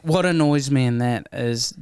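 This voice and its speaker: A man with a New Zealand accent tells stories as a guest in a relaxed interview, his mid-pitched voice animated and breaking into laughs. The sound is dry and close, with no room around it. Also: a little slow, clear, resonant tone, no echo. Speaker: guest comedian. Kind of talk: casual interview storytelling.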